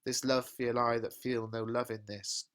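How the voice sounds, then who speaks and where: A male teacher reading out a lovesick, melodramatic young man in slow, dramatic verse recitation. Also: mid-range voice, little pitch movement, fairly bright tone, lightly acted. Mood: overwrought.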